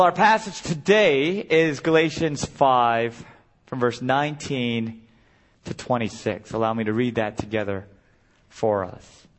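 A middle-aged man preaching a sermon as a guest speaker, earnest and building to impassioned cries. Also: mid-range voice.

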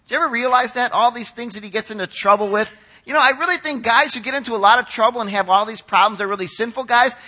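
A middle-aged male pastor giving a sermon, animated and conversational, acting out quoted critics in a chatty voice. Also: extremely high pitch. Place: church sanctuary.

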